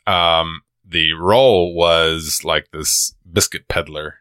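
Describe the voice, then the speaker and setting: A man's voice: low-pitched, fairly even intonation, slow pace, sharp tone, smooth, no room sound, clean studio sound. A man from Georgia, co-hosting a podcast in casual chat, a playful storyteller who slips into funny voices. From Georgia, USA. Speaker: podcast co-host.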